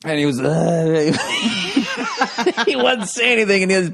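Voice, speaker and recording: A man's voice: a little high, a little slow, vocal fry, crowd noise. A man hosting a podcast, telling a story in a casual, profane, comic way. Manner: profane, animated, breaks into laughter. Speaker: podcast host.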